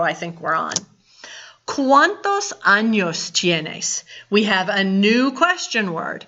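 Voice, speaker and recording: A woman teaching a Spanish lesson, explaining slowly and deliberately with playful asides. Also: medium pitch, bright, forceful tone. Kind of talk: recorded classroom lesson. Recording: dull lo-fi recording.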